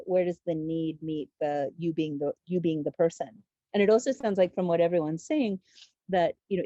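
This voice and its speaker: A woman's voice: on the low side, dark tone, no room sound. Chatty woman host, dull lo-fi sound. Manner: chatty, thinks aloud with restarts. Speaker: panel host. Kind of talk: hosting a panel discussion.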